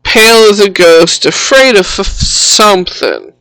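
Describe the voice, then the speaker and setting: A woman running a tabletop game as game master, narrating slowly with many pauses and fillers. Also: medium pitch, big pitch swings, fairly bright tone, no echo. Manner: slow, halting, many fillers.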